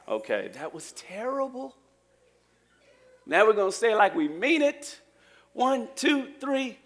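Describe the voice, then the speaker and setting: Male preacher, higher voice, animated and joking with the church. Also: measured pace. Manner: lively, joking preacher talking to the congregation. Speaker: pastor. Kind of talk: sermon.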